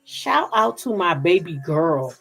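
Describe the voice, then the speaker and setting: A woman's voice: on the low side, very animated, takes it slowly, creaky, a bit bright. A middle-aged woman hosting a gossip channel, chatting frankly with her viewers in a casual live stream, reading their comments and swearing freely.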